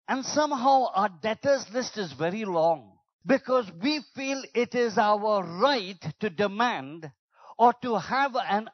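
A man preaching a sermon as pastor, acting out the complaints he quotes in a lower voice. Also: no room sound, lo-fi sound.

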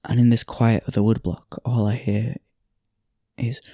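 A man hosts a podcast and tells a story in a reflective, casual way, reading aloud with frequent sighs and fillers. His medium-pitched voice is warm and level, his pace measured, and the audio studio quality with no echo.

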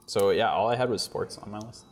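A man's voice: on the low side, fairly quick, in a large hall. A man co-hosting a casual chat, explaining things in an easygoing way. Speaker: podcast co-host.

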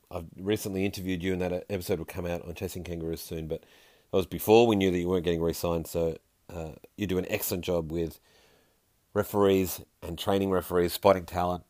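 A man hosting a podcast in a casual, jokey way, reading listener tweets aloud with quick asides. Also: low-pitched, warm tone, no echo, studio quality. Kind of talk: casual chat.

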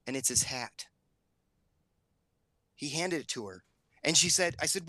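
A man's voice: normal speed, pauses often, no room sound. A middle-aged man co-hosting a casual podcast chat, telling a long story and lifting his voice when he acts out what others said. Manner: animated storyteller, acts out quotes with raised pitch. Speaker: podcast co-host.

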